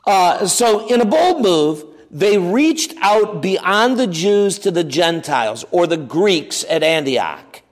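A male pastor teaches from the pulpit, slow and unhurried, his slightly raised voice ringing with the long reverb of a large hall. He talks in a conversational way, puts questions to the congregation and restarts his phrases with fillers and repeated words. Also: sits high, sing-song. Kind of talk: sermon.

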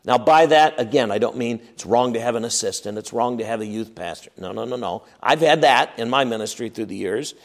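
A man preaching an expository sermon as pastor, emphatic and animated, acting out objections and dropping to quiet asides. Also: medium pitch, fairly quick, few pauses. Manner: animated, emphatic, swings between loud and quiet; acts out quoted objections.

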